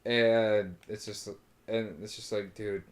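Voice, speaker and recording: Animated young man telling a rambling story. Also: lowish voice, slow. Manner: rambling and animated, swearing often, imitating friends. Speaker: podcast co-host. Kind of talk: casual chat, telling a story.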